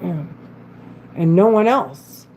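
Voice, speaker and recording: A woman's voice: fairly low pitch, animated, slow, darkish tone, low-quality recording. A woman talking alone in an unscripted monologue, agitated and rambling, with frequent swearing and broken-off sentences. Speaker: vlogger.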